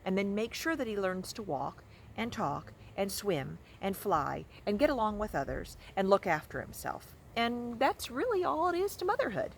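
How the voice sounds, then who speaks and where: A woman's voice: medium pitch, slight background noise, pitched above the performer's own voice. A woman voicing an indignant, bossy old female goose who scolds and lectures.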